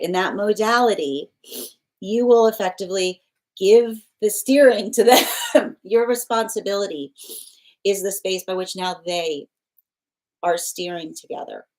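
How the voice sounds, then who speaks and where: A woman's voice: fairly low pitch, a little mellow, low-quality recording. A woman giving a live tarot dream reading in an earnest, flowing way, often checking in with "right?" and leaning on spiritual phrases. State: choked up with emotion. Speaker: tarot reader.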